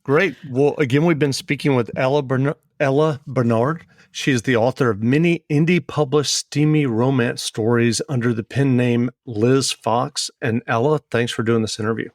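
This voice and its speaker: Steady man hosting a podcast. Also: medium pitch, normal speed, few pauses, no echo, clean studio sound. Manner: brief affirming replies, steady. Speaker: podcast host.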